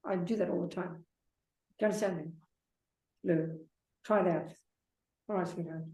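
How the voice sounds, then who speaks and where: Mellow and lowish, her voice moves at a moderate pace with fairly level intonation. A woman Buddhist teacher, she gives a dharma talk and takes questions in an echoing meditation hall, being blunt, repeating points, and using endearments like darling and sweetheart.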